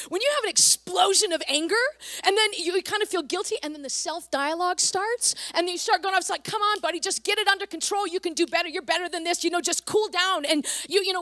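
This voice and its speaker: A woman pastor from Canada preaching a sermon, energetic and emphatic, reading scripture slowly and dramatically. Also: very high-pitched, no echo, studio quality.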